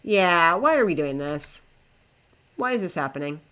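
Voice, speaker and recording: A woman's voice: fairly low pitch, lively intonation, unhurried, fairly bright tone, clean tone. A young woman streaming a game live, chatting to herself and her in-game pets in a flustered, talkative way. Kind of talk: live gameplay commentary.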